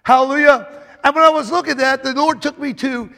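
A man delivers a fervent sermon in a very high, gravelly voice. His tone is bright and forceful, and he drives his points home with repetition. A long reverb hangs on his words, as in a large hall. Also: fairly even intonation, a little fast. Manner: fervent, emphatic preaching with repetitions. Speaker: preacher.

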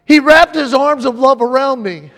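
A man's voice: very high voice, moderate pace, fairly bright tone, long reverb tail. A man preaching a sermon, emphatic and repetitive, calling out to the congregation.

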